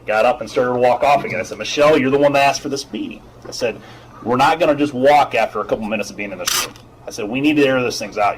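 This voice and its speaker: Middle-aged guy, HR manager testifying, lowish voice, careful and explaining, faint hiss behind. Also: a bit bright, poor audio. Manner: measured, explanatory, repeats himself. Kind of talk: formal testimony.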